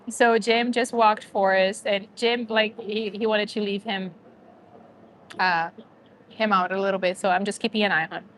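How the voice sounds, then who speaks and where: Slow-talking woman hosting a livestream. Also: mid-range voice, fairly even intonation, a bit bright, a little hiss or hum. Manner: chatty, talks to viewers and to a dog, laughs often. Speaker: livestream host. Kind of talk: casual livestream chat.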